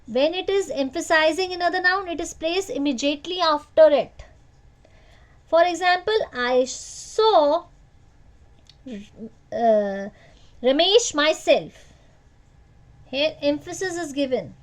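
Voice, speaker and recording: A woman teaches grammar to children in an online lesson. She speaks slowly in a high voice. She repeats each point and turns it back to the class as a question. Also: lively intonation. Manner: slow, repetitive teacher talk with questions to the class.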